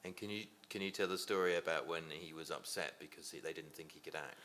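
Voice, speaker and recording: A man interviewing a guest, asking questions in a lively, prompting way. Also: a bass voice, fast.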